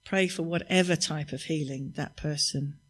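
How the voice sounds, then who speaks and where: A man, a pastor, gently encouraging the congregation to pray for healing at their tables. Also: fairly high pitch, normal speed. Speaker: pastor leading a healing service. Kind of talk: sermon.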